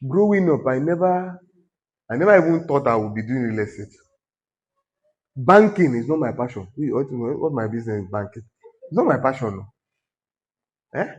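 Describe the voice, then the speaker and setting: A man's voice: medium pitch, sing-song, moderate pace, long pauses, lo-fi sound. Nigerian male pastor, conversational sermon voice that prods and teases the congregation. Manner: exhorting, conversational, teasing the congregation.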